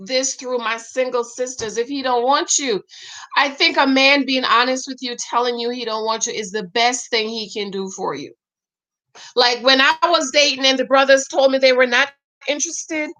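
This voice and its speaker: A woman giving dating and marriage advice in a casual, sassy chat, talking straight to her women viewers and calling them "girl.". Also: high-pitched. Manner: sassy, animated, addresses listener as "girl"; acts out quoted voices. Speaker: relationship advice vlogger.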